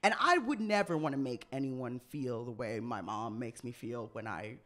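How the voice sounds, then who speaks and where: A young woman co-hosting a podcast in casual chat, animated and teasing, often laughing out loud. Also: a bass voice, moderate pace. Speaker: podcast co-host.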